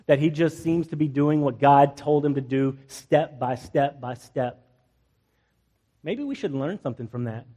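A male pastor with a fairly high voice delivers a relaxed, conversational sermon. He jokes with his listeners and acts out the people in the story as he goes. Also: normal speed, hardly any pauses. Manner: acts out biblical characters in playful asides, jokes with the congregation.

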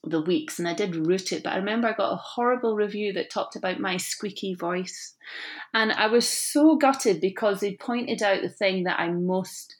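A woman's voice: mid-range voice, normal speed. A woman in her forties talks easily in a casual interview, with a slight lisp from a lazy tongue. She is self-deprecating and laughs at herself often. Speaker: actress, podcast guest.

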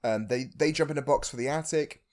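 Guy on a podcast telling a movie plot, kinda halting, lots of uhs. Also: mid-range voice, darkish tone. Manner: hesitant, halting, with many fillers. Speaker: podcast co-host. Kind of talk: casual chat retelling a film.

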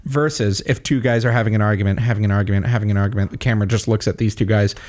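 A man's voice: on the low side, flat delivery, very fast, a little mellow. A man chatting casually, rambling and swearing freely, often laughing as he explains things. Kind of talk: casual chat.

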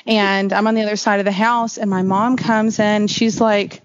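A woman's voice: medium pitch, level tone, normal speed. A woman telling a long personal story as an interview guest, in a rambling, chatty way full of "like". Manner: chatty, rambling, heavy use of "like". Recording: slightly dull lo-fi recording.

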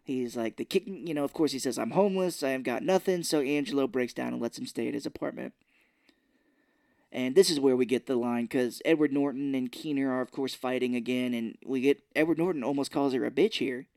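A man's voice: medium pitch, fairly quick, gravelly, darkish tone, dry recording, studio quality. Casual man recapping a movie. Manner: retells scenes doing brief character voices. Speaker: podcast co-host. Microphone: podcast microphone.

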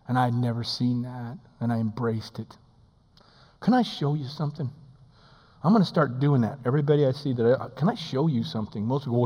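An older man preaching a sermon, animated and emphatic, with folksy humor and quoted scripture. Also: a little high, moderate pace, long pauses, in a large hall.

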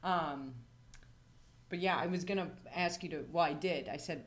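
Low-voiced woman, casual chat. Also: brisk. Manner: chatty, laughs often, wry. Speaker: podcast co-host. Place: university student housing.

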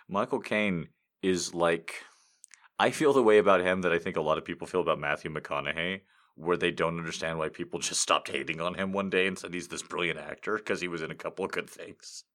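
A man chatting casually and rambling to his audience, joking, swearing and laughing a lot, and saying he is high. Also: steady tone, moderate pace, a bit bright. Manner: joking, profane, laughs often. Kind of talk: rambling casual chat with impressions.

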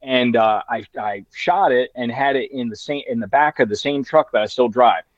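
A man's voice: mid-range voice, normal speed, no echo. Man, 30s, casual storytelling, rambling, lots of fillers and restarts, dry close sound, slightly muffled. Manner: rambling, heavy use of "you know" fillers and restarts.

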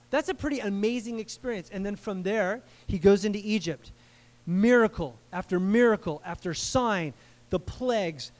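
A man preaching a sermon in an animated, conversational way, with frequent asides to the congregation. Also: high-pitched. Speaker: pastor.

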